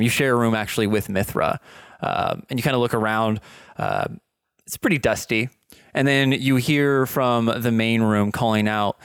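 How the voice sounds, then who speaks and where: A man's voice: medium pitch, smooth, no echo. An upbeat man running a tabletop game, rambling through plugs and scene-setting in a mid-range voice. The sound is dry and close. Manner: upbeat, rambling, filler-heavy. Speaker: game master. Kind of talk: casual chat and game narration.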